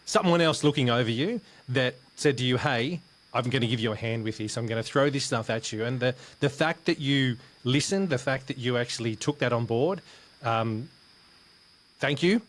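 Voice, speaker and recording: A man hosting a podcast interview, speaking earnestly with halting restarts. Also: mid-range voice. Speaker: podcast host.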